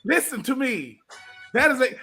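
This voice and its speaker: A man co-hosting a sports radio show, chatting casually in an animated, slangy way that repeats itself. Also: very high-pitched, normal speed, faint music behind. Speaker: co-host.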